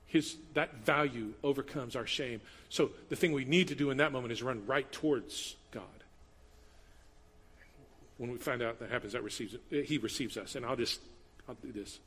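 A man preaching a sermon as pastor, animated, moving from loud emphatic passages to quiet asides. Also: medium pitch, moderate pace, husky. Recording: long hall reverb.

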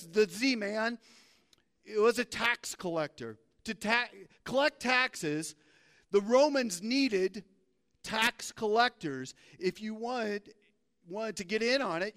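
Animated preacher man in a reverberant church. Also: extremely high pitch. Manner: animated, playful storytelling preacher. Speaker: pastor. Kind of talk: sermon with scripture reading. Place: church sanctuary. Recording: long hall reverb.

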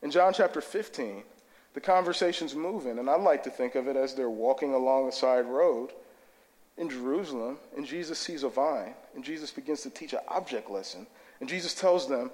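A man's voice: medium pitch, moderate pace, a little mellow. Enthusiastic male preacher in a reverberant hall. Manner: casual, enthusiastic, conversational preaching. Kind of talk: sermon. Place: church sanctuary.

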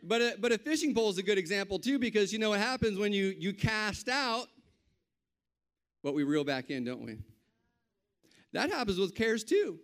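High-voiced male preacher. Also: sing-song, moderate pace, pauses often. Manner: conversational preaching, rising to bold declarations. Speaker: pastor. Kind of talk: sermon.

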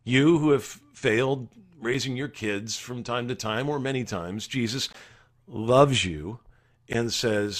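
A man preaching a devotional sermon as a pastor, earnest and emphatic, rising to loud declarations and dropping to hushed, soft passages. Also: fairly low pitch, measured pace. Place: recorded during quarantine.

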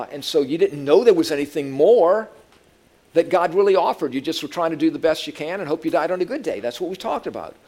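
Male Bible teacher; casual, funny storytelling sermon, fairly high-pitched. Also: darkish tone. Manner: humorous storytelling, asks the audience questions. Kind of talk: conversational sermon.

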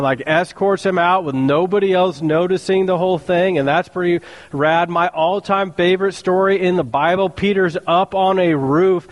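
A man preaching a sermon as a pastor, telling the stories in a casual, joking way with slang. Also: high voice.

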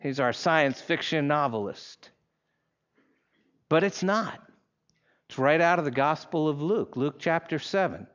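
Male pastor, sermon storyteller, unhurried delivery, muffled church recording. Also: fairly high pitch, animated, fairly bright tone. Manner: vivid second-person storytelling, leads the congregation in reading aloud.

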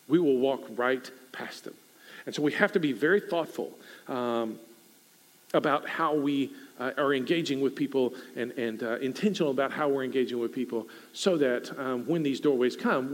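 Male pastor, sermon, conversational, slightly high voice, echoey church hall. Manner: conversational, acts out quoted chats.

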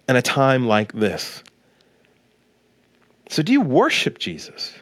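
Animated pastor preaching, dry close sound. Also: male voice, slow pace, pauses often, no echo. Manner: animated, acts out quoted voices with big pitch jumps; direct address to listeners at home. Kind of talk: sermon.

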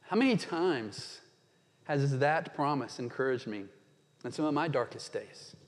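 A man preaching a sermon as pastor, earnest, slowing down dramatically when he quotes scripture. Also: medium pitch, expressive. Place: church sanctuary. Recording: church hall reverb.

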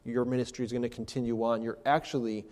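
A man preaching a sermon, leaning on rhetorical questions as he works through a passage. His voice sits at a middling pitch, and it carries with a long reverb as if filling a church hall. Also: level tone, fast, darkish tone. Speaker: pastor.

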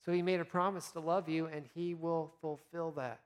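A man speaking as a pastor, giving an earnest, encouraging devotional talk for Lent with gentle pauses. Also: on the high side, flat delivery, big-room sound.

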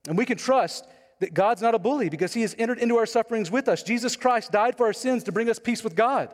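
A man's voice: extremely high pitch, quick pace. A man preaching a sermon as pastor, conversational, often asking the congregation questions. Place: church sanctuary. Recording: long hall reverb.

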